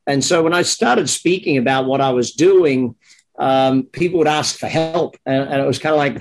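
A man's voice: medium pitch, moderate pace. Middle-aged Australian man telling stories. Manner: relaxed storytelling with fillers. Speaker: guest, business coach founder. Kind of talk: interview conversation.

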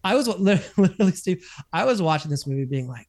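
A man's voice: high-pitched, very animated, fast, darkish tone. A man co-hosting a podcast, chatting casually in a rambling way, often correcting himself. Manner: rambling, self-correcting, chuckles. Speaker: podcast co-host. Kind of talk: casual chat.

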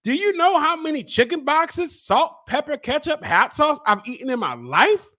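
A man's voice: very high voice, moderate pace. A man from Baltimore hosting a casual solo vlog, playful and exclamatory, drawing things out and laughing often. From Baltimore, USA. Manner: lively, exclamatory. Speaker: podcast host.

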